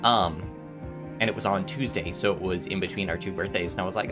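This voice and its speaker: A man's voice: lowish voice, racing, over music. A man in his twenties streaming while gaming, chatting casually and telling rambling stories with many restarts. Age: 20s. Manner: rambling storytelling with frequent restarts.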